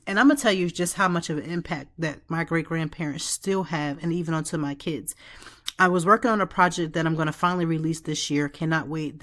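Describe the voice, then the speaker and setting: Woman podcast host, middle-aged, low-ish voice, heartfelt conversational monologue. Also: fairly bright tone. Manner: earnest, reflective, conversational with faith references. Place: home office.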